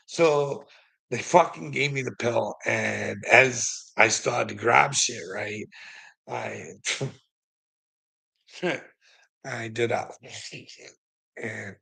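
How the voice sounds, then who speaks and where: Gravelly, husky man, swearing. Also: mid-range voice, pushed and bright, low-quality recording. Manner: profane, laughs often while telling. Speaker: storyteller addressing a relative. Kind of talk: rambling personal storytelling.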